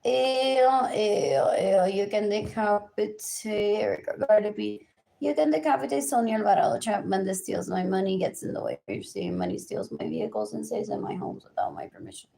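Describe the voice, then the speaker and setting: At a normal speed and with an expressive, mellow mid-range voice touched by vocal fry, a woman rants agitatedly during a live stream. The rant is unscripted, full of repeated chanted lists, with English and Spanish mixed mid-sentence.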